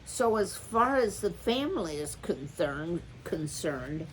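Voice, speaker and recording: A woman's voice: lowish voice, sing-song, slow, slight background noise, rough recording. A woman doing Lily, a prim, formal mouse. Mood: grave. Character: prim, formal young female mouse, grave and proper.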